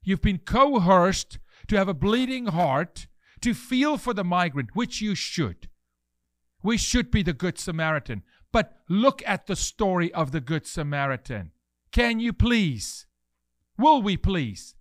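A man's voice: high voice, sing-song, unhurried, a bit bright, no echo, studio quality. A man hosting a podcast, delivering impassioned commentary in a fervent, preachy way full of rhetorical questions. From South Africa. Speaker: podcast host. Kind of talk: impassioned commentary with scripture reading.

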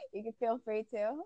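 A woman's voice: fairly high pitch, mellow, no echo, dull audio. A woman from Houston chatting casually as a fellow radio host, with lots of "like" and "um" fillers. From Houston, Texas. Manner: chatty, many "like" and "um" fillers, laughs often. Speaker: internet radio station host, guest. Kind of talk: casual chat.

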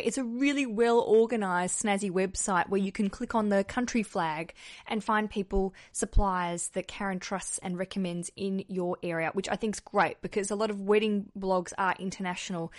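A young woman with an Australian accent, hosting a podcast in a bubbly, joking tone. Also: mid-range voice. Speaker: podcast host. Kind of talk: casual podcast chat.

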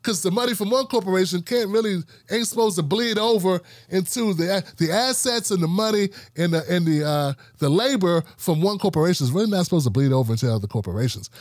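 Speaking quickly with few pauses, this podcast host has a voice that sits high, recorded cleanly in a studio with no room sound. He's in his forties, from the D.C. area, and tells casual stories with lots of animation, imitating the coworkers he quotes.

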